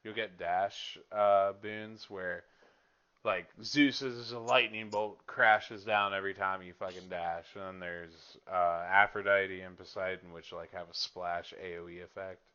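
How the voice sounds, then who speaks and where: A young man hosts a podcast, rambling and swearing his way through a casual chat. His voice is lowish and bright with some tension, and the recording is lo-fi. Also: steady tone, unhurried, smooth. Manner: rambling and profane, with filler words. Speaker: podcast host. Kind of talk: casual chat about a video game.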